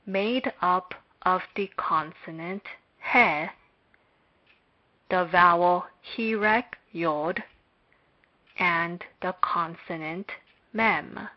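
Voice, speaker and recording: Very slow, deliberate woman lecturing. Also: on the low side. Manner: measured, deliberate delivery with long pauses. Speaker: Hebrew lecturer. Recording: dull lo-fi recording.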